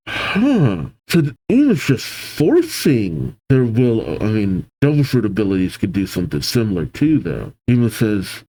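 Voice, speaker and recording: A man's voice: mid-range voice, animated, moderate pace, few pauses, dark tone, low-quality recording. A man hosting a manga reaction, reading the panels aloud and reacting with frequent exclamations.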